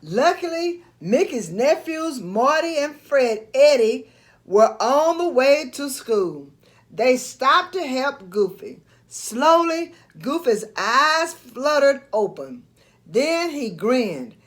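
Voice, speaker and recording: Slow, expressive woman storyteller. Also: fairly high pitch. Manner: expressive, slow read-aloud. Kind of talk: storybook read-aloud.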